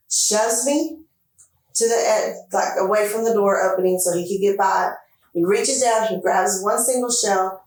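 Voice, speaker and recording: A woman in a police interview room tells her story with animated energy, acting out every line of dialogue and cursing freely. Her voice sits at an ordinary pitch for a woman. The sound is caught from across a hard, echoey room. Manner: animated retelling, acts out quoted dialogue, swears freely. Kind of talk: recounting events to detectives. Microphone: distant room camera mic. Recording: echoey room picked up from far off.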